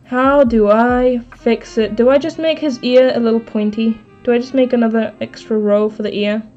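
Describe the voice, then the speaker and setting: A woman with a fairly high voice chats casually on a live stream, thinking aloud and talking back to her viewers. The audio is a bit dull, with soft music playing underneath. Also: fairly even intonation, moderate pace. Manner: chatty, thinks aloud, answers chat. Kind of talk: casual live-stream chat while crafting.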